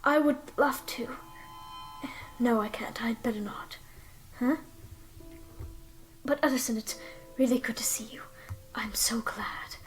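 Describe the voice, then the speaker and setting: A woman voicing a reclusive, troubled male doctor, speaking in a hushed, hesitant, breathy way. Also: on the high side, measured pace, long pauses, natural voice. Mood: hushed, uneasy. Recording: faint music behind.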